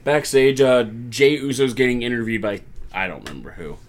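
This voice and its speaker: A man's voice: medium pitch, sing-song, fairly quick. Casual man recapping wrestling with mock quotes. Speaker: podcast co-host recapping wrestling. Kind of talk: casual chat.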